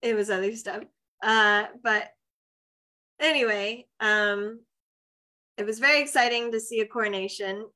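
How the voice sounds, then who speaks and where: A woman's voice: a little high, fairly even intonation, measured pace, pauses often, pushed and bright. A woman from the United States co-hosting a casual chat, talking loosely and laughing often. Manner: chatty, laughs often, trails off with "like". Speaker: podcast co-host.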